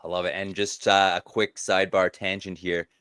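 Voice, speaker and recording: A man's voice: low-pitched, little pitch movement, moderate pace, a bit bright, clear, resonant tone, no echo, clean studio sound. A man hosting a panel discussion, welcoming each guest with effusive enthusiasm. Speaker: host.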